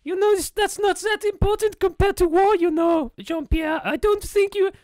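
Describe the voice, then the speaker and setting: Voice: extremely high pitch, moderate pace, darkish tone, no room sound, studio quality. A performer playing a touchy male Belgian film director who puts on a French accent, petulant and always apologising, in a comedy sketch. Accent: put-on French. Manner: whiny, petulant, keeps apologising.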